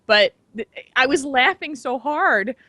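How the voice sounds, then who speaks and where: A woman's voice: sits high, animated, unhurried, pushed and bright, dry recording. A woman in her thirties co-hosting a podcast in casual chat, laughing often as she talks. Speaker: podcast co-host.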